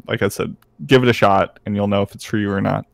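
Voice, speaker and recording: A man's voice: fairly low pitch, fast talker, vocal fry, no echo. Young guy podcast cohost, super dry mic, easygoing rambly chat. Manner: relaxed, loose, filler-heavy talk. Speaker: podcast co-host. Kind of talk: casual anime review chat.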